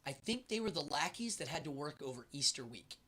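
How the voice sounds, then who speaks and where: A man hosting a show, telling a travel story in a lively, animated way and acting out the voices of the people in it. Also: a little high, fairly quick. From United States. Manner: lively storyteller, acts out the guards' and his own lines. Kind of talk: animated anecdote.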